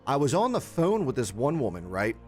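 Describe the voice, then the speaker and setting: A man's voice: mid-range voice, sing-song, fairly quick, darkish tone, faint music behind. A young man streaming a survival game, chatting casually with his viewers, rambling and swearing a lot and greeting chatters by name. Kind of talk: casual gaming livestream chat.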